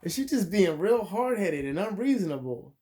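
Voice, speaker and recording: A young man telling a profane storytime rant as a vlogger, crude and animated, jumping between loud outbursts and muttered asides. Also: sits high, moderate pace.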